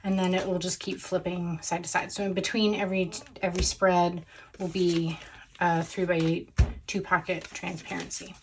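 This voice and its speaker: A woman's voice: on the low side, flat delivery, moderate pace, a little hiss or hum. A woman casually talking through her scrapbook plan, chatty and full of little self-corrections, recorded at home at a crafting table. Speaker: scrapbooking vlogger.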